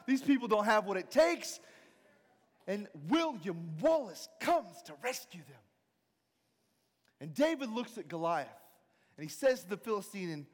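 A man preaching a sermon, telling the story in a casual, animated way with joking asides. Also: high-pitched. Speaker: pastor. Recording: reverberant large hall.

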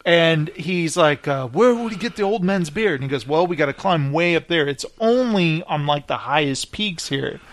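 A man's voice: fairly high pitch, normal speed, hardly any pauses, no room sound. A man hosting a podcast, animatedly retelling TV scenes in casual chat and laughing often. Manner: animated storyteller acting out quotes, laughs often. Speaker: podcast host. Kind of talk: casual chat recapping TV shows.

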